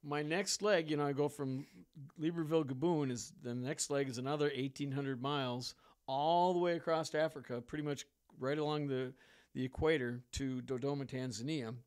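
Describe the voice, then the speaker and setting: A man's voice: fairly high pitch, moderate pace, smooth. A man, a ferry pilot, telling stories in a casual interview, acting out the people in them and laughing often. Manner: animated storyteller, acts out dialogue, laughs often.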